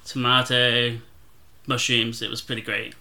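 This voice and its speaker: A man from England with an English accent, a podcast guest chatting in a mild, unhurried way. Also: medium pitch, monotone, bright, forceful tone. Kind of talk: casual chat.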